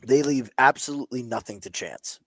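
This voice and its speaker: A man's voice: medium pitch, brisk, fairly bright tone, dry recording, low-quality recording. A man co-hosting a betting stream over a video call, rambling with lots of fillers and swearing. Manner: rambling, filler-heavy, profane. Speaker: co-host. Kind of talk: live sports betting chat. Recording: dry, glitchy video-call audio.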